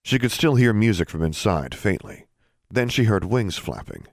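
A man with a very deep voice reads a fantasy audiobook, his delivery moving lively up and down through the sentences. The sound is dry and close to the mic, with no room around it. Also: moderate pace, gravelly, no echo. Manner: steady storytelling with expressive dialogue. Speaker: narrator. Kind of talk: audiobook narration.

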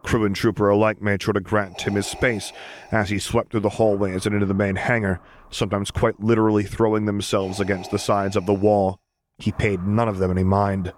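Low-voiced male story reader. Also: level tone, a little fast, a little hiss or hum. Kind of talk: audiobook fan-fiction reading.

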